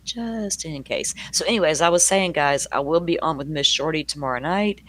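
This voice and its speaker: A man's voice: fairly high pitch, a little fast, fairly bright tone. An older man with a Southern US accent, hosting a true crime livestream and chatting casually with viewers, laughing often and greeting them by name. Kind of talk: casual chat with live viewers.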